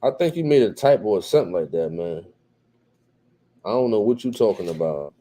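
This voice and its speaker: A tired man talks casually through a live fight stream and answers viewers' chat. His voice sits a little low and sounds dark and mellow. He drifts along with repeats and fillers. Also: lively intonation, fairly quick. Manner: laid-back, repeats himself, many fillers like "what have you". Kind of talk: casual livestream commentary.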